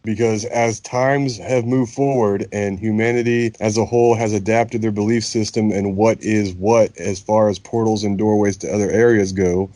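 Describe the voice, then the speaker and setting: A man's voice: lowish voice, dark tone, dry recording. A man co-hosting a casual podcast chat, explaining things earnestly with restarts and trailing thoughts. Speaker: podcast co-host.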